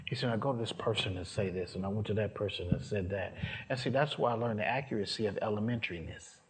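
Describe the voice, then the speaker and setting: A man with a fairly low voice speaks fast, preaching a sermon testimony drawn from his own life. He tells it as a story, acting out the voices of the people involved and rising to shouts.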